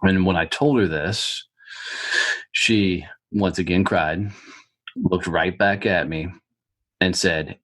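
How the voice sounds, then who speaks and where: A man's voice: deep voice, takes it slowly, long pauses, no room sound. A middle-aged man from the United States telling his story as a podcast guest, blunt and heavy on swearing. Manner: profane, blunt and animated storyteller. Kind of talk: storytelling in an interview.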